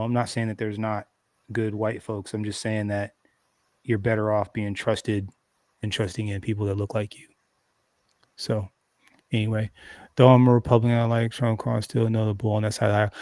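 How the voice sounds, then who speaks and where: A man's voice: fairly low pitch, darkish tone, no room sound. A man hosting a casual livestream, talking in a rambling, conversational way with many restarts and fillers. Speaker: livestream host.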